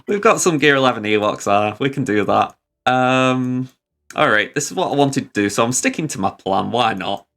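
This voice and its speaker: A man's voice: mid-range voice, expressive, moderate pace, a bit bright. A man streaming a video game, chatting casually about his moves and poking fun at himself. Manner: rambling, self-deprecating, chuckling. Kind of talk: casual gameplay commentary.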